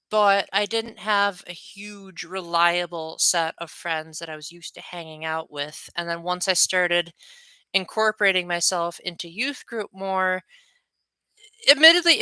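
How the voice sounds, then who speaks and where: Young man, livestream chat, chatty and rambling, bright ringing tone, dry close mic. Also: sits high, clean tone, no echo. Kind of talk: casual livestream chat with viewers.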